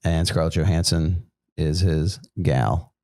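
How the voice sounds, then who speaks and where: A man co-hosting a podcast in casual chat, relaxed and joking, with frequent fillers. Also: extremely low pitch, slow, dry recording, clean studio sound. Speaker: podcast co-host.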